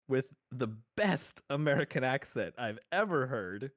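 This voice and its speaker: In clean, dry studio sound, a man with a medium-pitched, slightly bright voice that swings widely in pitch argues his side on a podcast. He co-hosts at a measured pace, turning the casual mock-courtroom bit into playful, rambling, mock-formal banter with frequent laughter.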